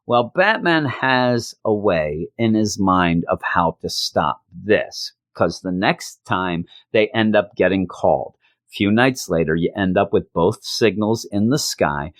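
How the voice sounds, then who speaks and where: Man, casual comic book review, animated retelling, dry close sound. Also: on the low side, slow pace, no echo. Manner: animated retelling, briefly acting out the characters' lines.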